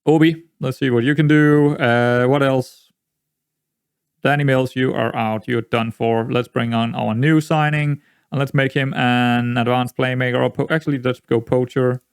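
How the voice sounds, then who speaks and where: A gaming YouTuber rambles through a management game in let's-play commentary, sounding exasperated and often repeating himself. His medium-pitched voice is clear and resonant, with fairly even intonation and a normal pace. The recording is dry and studio quality.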